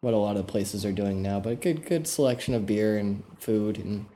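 A man's voice: lowish voice, normal speed, dark tone, a little hiss or hum. Easygoing rambling male podcast co-host. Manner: rambling, easygoing, filler-heavy storytelling. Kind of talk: casual chat.

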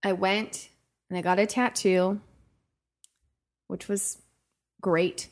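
Young woman chatting, tells stories animated, acts out the voices. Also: medium pitch, slow. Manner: animated storyteller who acts out voices in her anecdotes. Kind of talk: casual chat.

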